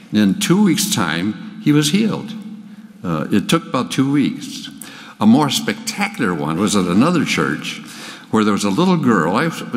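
An older man, a pastor, giving a sermon in a folksy storytelling way, with halting restarts. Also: fairly low pitch. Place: church sanctuary. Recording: long church reverb.

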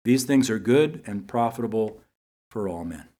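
A man teaching from scripture in an earnest sermon style, reading verses slowly and repeating key phrases for emphasis. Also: on the low side, animated, warm tone. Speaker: Bible teacher.

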